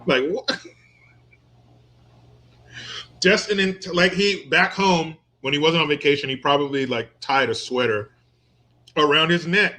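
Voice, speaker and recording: A man's voice: on the high side, a little slow, pauses often, bright, forceful tone. A man giving crude, joking commentary on a clip, laughing often and wandering into rambling asides. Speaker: commentator reacting to a viral clip. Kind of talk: casual profane commentary.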